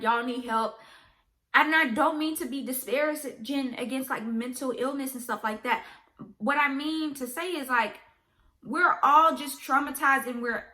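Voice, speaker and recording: A woman's voice: high-pitched, sharp tone. A young woman, ranting emphatically and repeating herself in a vlog to camera. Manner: impassioned, repetitive, emphatic ranting. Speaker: vlogger. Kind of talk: direct-to-camera commentary vlog.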